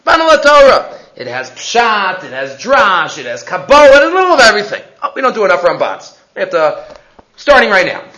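A man teaching a Torah portion class, animated and full of rhetorical questions, mixing Hebrew terms into his English. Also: sits high, fairly quick, low-quality recording.

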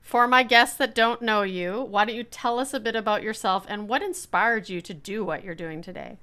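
A woman's voice: medium pitch, normal speed, pushed and bright, smooth, dry recording. A woman hosting a podcast, introducing her guest and interviewing her in an upbeat, enthusiastic way. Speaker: podcast host.

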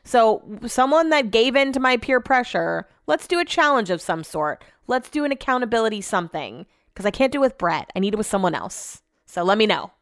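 A woman's voice: fairly high pitch, sing-song, a little fast, few pauses, no echo, clean studio sound. A woman hosting her own podcast, chatting casually in a rambling, profane way, sore and tired. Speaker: podcast host and radio host. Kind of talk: casual solo podcast monologue.

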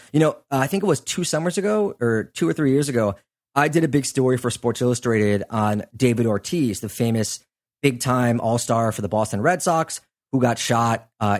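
A man in the middle of his range hosts a podcast, recounting a story in relaxed, chatty fashion. He fills his telling with asides and small tangents, keeping it loose and conversational. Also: mid-range voice, fairly quick. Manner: conversational, chatty, lots of "like" and "you know" asides. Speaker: podcast host. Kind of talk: casual storytelling chat.

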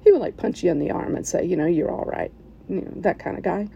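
A woman sharing an emotional personal story, halting at times, with fillers, restarts and soft laughs. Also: fairly low pitch, big pitch swings, vocal fry, lo-fi sound, a little hiss or hum.

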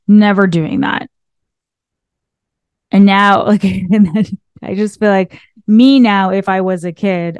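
A woman's voice: medium pitch, darkish tone, smooth, dry recording. Chatty woman podcaster, dry close sound. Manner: chatty, laughs often, filler "like". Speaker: podcast host. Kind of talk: casual motivational monologue. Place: small room behind a desk. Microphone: desk microphone.

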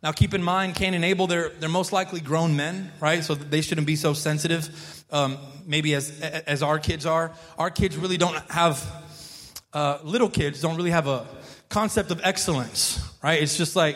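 A man with a high voice preaches to his congregation in a church, loose and conversational, tripping over and repeating words as he goes. He calls out for the people to answer back, and his voice rings with a long reverb. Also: normal speed, a bit bright. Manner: prompts the congregation to respond. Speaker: pastor. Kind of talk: sermon. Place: church sanctuary.

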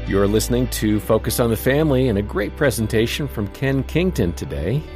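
A man hosting a radio program, reading an announcement in a smooth, lively way. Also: mid-range voice, fairly quick, music in the background. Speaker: radio host.

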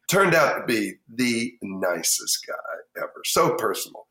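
An older man with a Texan accent, a chef telling lively anecdotes in an interview and acting out the people in them. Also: medium pitch, normal speed, few pauses. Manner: lively anecdotes, acts out quoted voices. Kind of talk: storytelling interview. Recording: echoey room.

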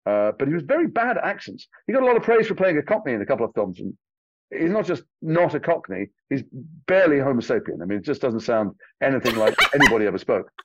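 A man's voice: medium pitch, sing-song, fast, fairly bright tone, no echo, highs cut off. A man from England, an actor, telling stories animatedly in an interview, swearing casually. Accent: Liverpool and London English. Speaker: actor guest. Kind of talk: interview conversation.

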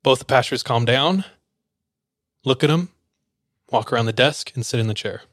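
A man at mid pitch, a podcast host telling a story in a casual, dramatic way and voicing the chants he quotes. His voice is recorded close and dry, with no room sound. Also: moderate pace, a bit bright, no room sound.

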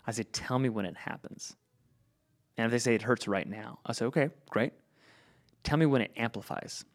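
A man of average pitch talks through how he assesses a client's pain. He speaks casually, often acting out his own questions and the client's replies. The tone is conversational and explanatory. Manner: animated, acts out client dialogue. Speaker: movement practitioner.

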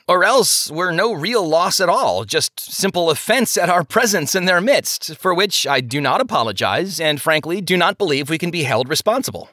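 A man's voice: high voice, bright, forceful tone, no echo, studio quality, pitched above the performer's own voice, full character voice. A man voicing an earnest, indignant pilgrim who speaks firmly. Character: steadfast, indignant male pilgrim.

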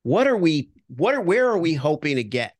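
A man's voice: a little high, sing-song, moderate pace, no room sound. A middle-aged man co-hosting a podcast, explaining an improv game and repeating words as he thinks. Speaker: podcast co-host. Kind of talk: casual improv coaching.

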